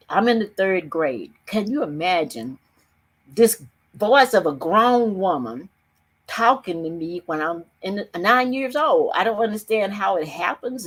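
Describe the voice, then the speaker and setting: A woman's voice: on the low side, husky. An older woman telling a personal story earnestly on a video call, with emphatic shifts of pace. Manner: earnest, emphatic, speeds up and slows down. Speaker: summit speaker.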